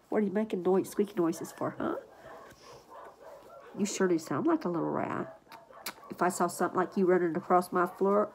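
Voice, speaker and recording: Soft-spoken woman cooing over puppies. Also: fairly low pitch, gravelly, a little hiss or hum. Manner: gentle, cooing baby talk to the puppies. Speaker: dog breeder. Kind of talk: casual vlog narration while feeding puppies.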